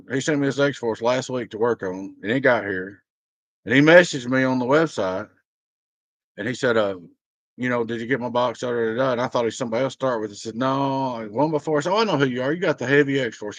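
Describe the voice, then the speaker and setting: A blunt man rants to his viewers in a casual vlog and rambles through his grievances. His voice is mid-pitched. The recording is dry and a bit dull and lo-fi. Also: dry recording. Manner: blunt, aggrieved, rambling storytelling. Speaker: small business owner.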